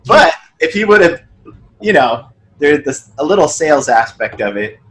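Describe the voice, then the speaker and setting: A young man, a sales coach appearing as a podcast guest, casually tells stories at normal speed, acting out the dialogue with lively jumps in pitch. The recording quality is low.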